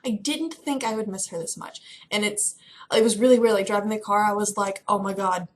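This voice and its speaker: A young woman from Kentucky chatting casually to camera in a vlog, excitable and rambling. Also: medium pitch, brisk, a little hiss or hum. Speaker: vlogger. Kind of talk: casual chat.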